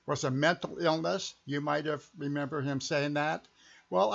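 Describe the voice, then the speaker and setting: A man's voice: on the high side, gravelly, muffled recording. A man hosting an unscripted live stream, talking in a casual, chatty way.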